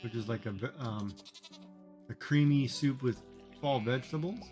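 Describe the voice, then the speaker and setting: A man chats with his livestream audience as he plays, thinking out loud in a relaxed, conversational way. His voice sits at an ordinary middle pitch. Faint game music runs underneath. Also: normal speed. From Canada. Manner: chatty, musing aloud to viewers. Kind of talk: casual chat while gaming.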